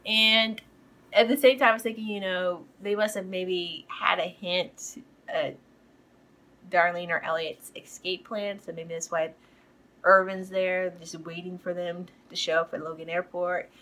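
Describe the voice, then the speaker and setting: A woman's voice: on the low side, fairly even intonation, measured pace, fairly bright tone, poor audio. A woman hosting a podcast, casually recapping a TV episode in a rambling way, full of fillers. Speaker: podcast host.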